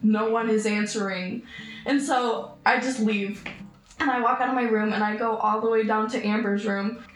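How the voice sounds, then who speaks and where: A woman's voice: a little high, fairly even intonation, moderate pace. A young woman recounting her own hard experiences in an interview, getting emotional and acting out how she pleaded. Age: young adult. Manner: emotional, acts out pleading voices in her story. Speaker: survivor interviewee. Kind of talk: personal storytelling. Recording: echoey room with faint music.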